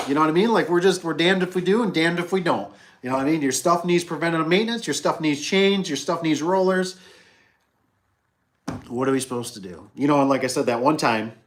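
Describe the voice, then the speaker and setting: A middle-aged man in an easygoing livestream chat, his pitch sitting squarely in the ordinary range for a man. He rambles from one work story to the next, loops back on the same phrases and slips into quick impressions of the people he is quoting. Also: a bit bright. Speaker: business owner hosting a livestream.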